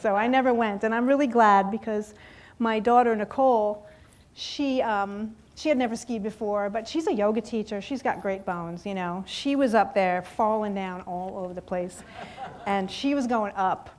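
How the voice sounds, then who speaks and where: A woman in her fifties telling a lively personal story in a sermon, acting out voices and laughing often. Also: mid-range voice, moderate pace. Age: 50s. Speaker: guest speaker at a church service.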